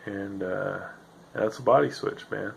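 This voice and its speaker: A man's voice: fairly low pitch, measured pace, creaky, a little hiss or hum, low-quality recording. A man hosting a solo podcast, rambling in a sardonic, self-deprecating way with lots of fillers, sounding tired. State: tired, yawning. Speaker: podcast host.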